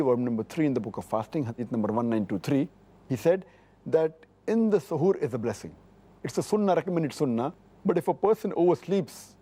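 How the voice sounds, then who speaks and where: Middle-aged scholar guy, mellow dark voice, lays out rulings and quotes hadith numbers. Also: mid-range voice. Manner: measured, cites hadith numbers precisely, repeats points. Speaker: Islamic scholar answering questions. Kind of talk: scholarly explanation with hadith citations.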